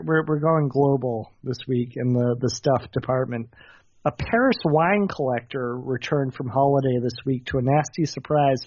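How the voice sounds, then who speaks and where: A man's voice: medium pitch, darkish tone, no room sound. A man hosting a comedy show, reading news stories in a matter-of-fact way with occasional stumbles. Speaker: host. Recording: dull lo-fi recording, dry.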